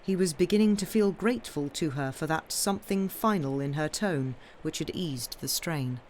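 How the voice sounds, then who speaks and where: A woman reading a sea story aloud in a measured way, now and then stumbling and correcting herself. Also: low-pitched, darkish tone, a little hiss or hum. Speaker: reader. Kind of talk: audiobook-style story reading, livestreamed.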